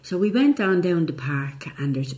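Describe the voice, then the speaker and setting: A woman's voice: fairly low pitch, sing-song, normal speed, dark tone. An older woman with an Irish accent, chatting as she remembers her years working at a paper mill. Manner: chatty storyteller with restarts. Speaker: interviewee, former mill worker. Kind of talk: casual reminiscing.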